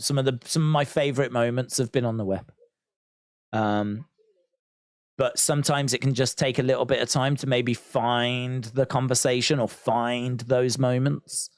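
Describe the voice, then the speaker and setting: A man hosting a live watch-along stream, chatting, reading viewer comments aloud and thinking out loud with many restarts. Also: mid-range voice, no room sound, clean studio sound. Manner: rambling, thinking aloud, reads chat comments. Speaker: wrestling watch-along host. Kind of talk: live-stream reaction chat.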